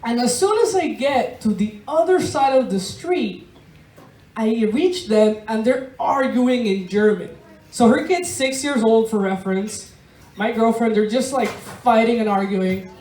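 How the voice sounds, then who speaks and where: A woman from Venezuela performs stand-up to a live crowd, talking at an unhurried pace with a deadpan, laughing delivery. Her voice sits at an ordinary pitch and comes from some way off the mic, in an echoey room. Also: recorded from a distance. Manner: slow, laughing deadpan storytelling with swearing. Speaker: stand-up comedian. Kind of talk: stand-up comedy set. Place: large room of a bar, live audience.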